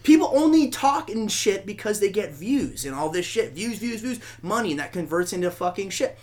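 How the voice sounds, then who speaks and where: A man hosting a podcast, talking casually in a rambling, profane and animated way. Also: high voice, normal speed. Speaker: podcast host. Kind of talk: casual chat.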